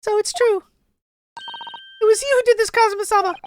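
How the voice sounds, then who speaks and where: A woman voicing an excitable, polite young female assistant in a high, airy voice. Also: fairly quick, slight background noise. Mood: accusing. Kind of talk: game dialogue read aloud.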